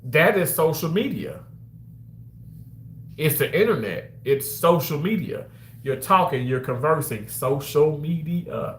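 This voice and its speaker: A man chatting casually with his viewers on a livestream, animated and quick to exclaim. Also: a little high, reverberant.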